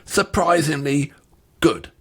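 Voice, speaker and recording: A man's voice: a little high, animated, takes it slowly, husky. A man co-hosting a music reaction chat, talking with enthusiasm and speaking straight to viewers. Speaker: co-host of a music reaction channel. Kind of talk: casual chat.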